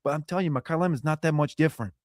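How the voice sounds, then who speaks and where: A man's voice: on the high side, very fast, no echo, clean studio sound. A man analyzing the football draft live, talking emphatically in a rambling, slangy way with many restarts. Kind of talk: live draft coverage chat.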